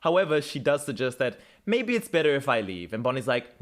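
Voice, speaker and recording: Animated man recapping a TV show. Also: medium pitch, a little fast. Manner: animated storytelling, quoting characters with laughs. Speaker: podcast co-host. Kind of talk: casual recap chat.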